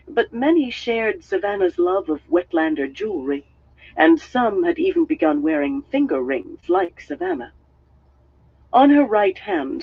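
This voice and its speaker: A man's voice: high-pitched, creaky, darkish tone, slightly rough. A man reading a fantasy novel aloud on a live stream with a sing-song, swooping delivery. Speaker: audiobook reader. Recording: dull lo-fi stream audio.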